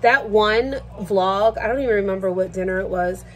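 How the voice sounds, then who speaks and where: A vlogger's casual rant comes as she cooks in her home kitchen, blunt and full of swearing. She has a mid-range voice and talks at a moderate pace.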